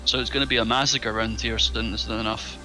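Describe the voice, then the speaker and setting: Bright-voiced, hesitant male player. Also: mid-range voice, fairly even intonation, quick pace, faint music behind, poor audio. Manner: hesitant, questioning. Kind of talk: casual tabletop game chat.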